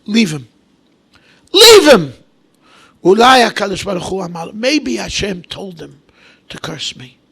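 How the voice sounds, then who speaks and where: A man voicing a calm, forbearing biblical king in a sermon, pleading in a measured way. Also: sits high, creaky, slightly rough, full character voice.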